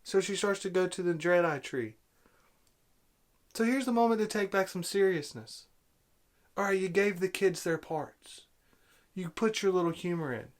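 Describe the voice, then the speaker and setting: A man's voice: high-pitched, normal speed, pauses often. A man giving an angry, sarcastic movie review rant, exasperated and repeating himself. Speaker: video blogger.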